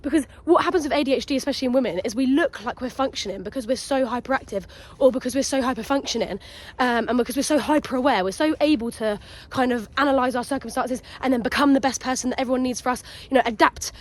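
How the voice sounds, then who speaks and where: A woman in her early twenties, talking in a rambling, excitable way as she chats to her phone while walking outdoors. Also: sits high, fast. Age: 20s. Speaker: podcast host. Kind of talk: casual chat vlog. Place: outdoors in a nature reserve.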